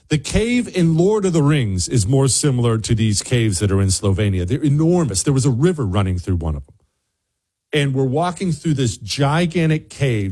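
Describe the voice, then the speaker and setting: Brief: male talk show host, husky, medium pitch, a lively and digressive storyteller.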